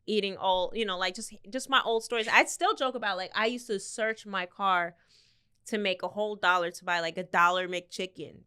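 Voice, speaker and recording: A woman's voice: mid-range voice, normal speed, sharp tone, clear, resonant tone. A woman hosting a casual interview podcast, chatty and effusive, telling stories and asking questions. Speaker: podcast host.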